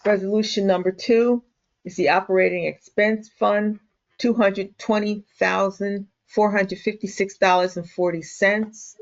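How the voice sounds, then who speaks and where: Casting: woman committee chair, hoarse and fading voice, formal reading of agenda items, muffled lo-fi meeting recording. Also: mid-range voice, fairly even intonation, a little slow. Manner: formal, reads procedure aloud. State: losing her voice, clearing throat. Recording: dull lo-fi meeting audio.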